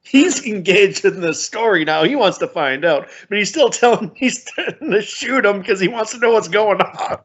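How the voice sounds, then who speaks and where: A man co-hosts a comedy album review podcast in an amused, giggly way. His voice is fairly high and husky. The recording sounds dull and lo-fi. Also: lively intonation, normal speed, fairly bright tone. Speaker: podcast co-host.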